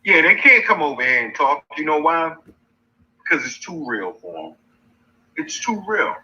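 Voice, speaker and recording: High, lively taunting male streamer. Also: normal speed. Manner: mocking, challenging, repeats insults. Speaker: livestream host. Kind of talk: taunting livestream rant. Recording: dull lo-fi stream audio.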